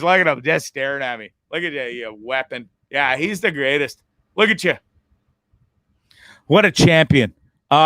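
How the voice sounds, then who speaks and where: A man's voice: on the high side, a bit bright, no room sound. A man hosting a casual live stream from a bedroom in the back of a bus, rambling and joking, then turning sentimental. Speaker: host.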